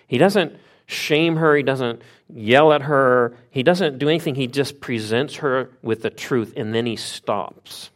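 A man preaching a sermon in a conversational way, asking rhetorical questions and moving between soft and emphatic delivery. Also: mid-range voice, a little slow, hardly any pauses.

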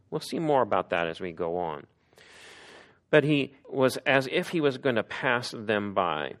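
A man preaching a sermon, talking it through with rhetorical questions to the congregation. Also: medium pitch. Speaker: pastor.

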